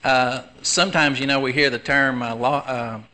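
A man's voice: mid-range voice, steady tone, moderate pace, pushed and bright. A man in a church class asking a hesitant, polite question, heard from away from the microphone.

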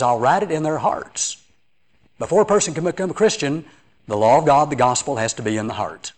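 Earnest preacher with lively pitch. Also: male voice. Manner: earnest, emphatic, storytelling. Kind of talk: Bible class lesson and discussion.

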